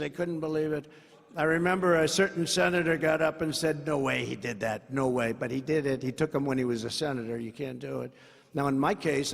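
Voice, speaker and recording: A man's voice: sits high, a bit bright, a little hiss or hum. An older man with a New York accent giving a rambling, boastful rally speech and making asides to the crowd. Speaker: political speaker at a campaign rally. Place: large rally venue. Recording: echoing hall with faint ambience.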